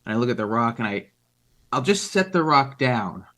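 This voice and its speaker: A man's voice: medium pitch, very animated, normal speed, a bit bright. A man playing his character in a tabletop game, talking loosely and rambling with many fillers. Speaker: player. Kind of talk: casual tabletop role-play.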